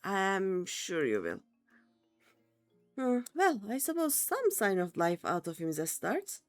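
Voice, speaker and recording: A woman's voice: mid-range voice, wildly swooping pitch, measured pace, soft background music. A woman voicing a weary, worldly-wise female adventurer in a dry tone. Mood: wry.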